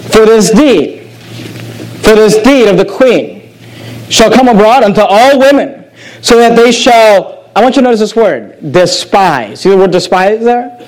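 Male pastor, high voice, emphatic sermon delivery with repeated phrases. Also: moderate pace, low-quality recording. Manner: emphatic preacher with sharp pitch drops and repetitions.

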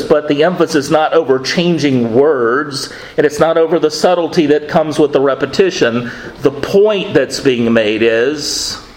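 A man's voice: a little high, a little hiss or hum. Conversational male pastor preaching in an echoey room. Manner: conversational, quoting scripture with acted asides. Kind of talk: sermon.

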